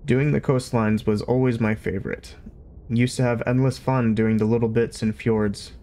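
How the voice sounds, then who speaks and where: A man voicing a polite, wistful old alien man who speaks slowly and vaguely. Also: mid-range voice, steady tone, close to an everyday voice. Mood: mild rambling. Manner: slow, polite, gently rambling.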